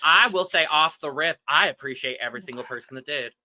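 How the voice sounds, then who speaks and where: Bright-voiced man cracking wry asides. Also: a little high, fast talker. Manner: wry, emphatic asides and playful mock quotes. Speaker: podcast co-host. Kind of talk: casual reality TV recap chat.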